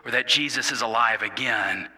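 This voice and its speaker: Pastor, male, bright ringing voice, tells the story with dramatic hushes and stumbles, recorded in a big echoing sanctuary. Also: mid-range voice, moderate pace, husky. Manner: stumbles and repeats words. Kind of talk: sermon. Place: church sanctuary. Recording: reverberant church hall.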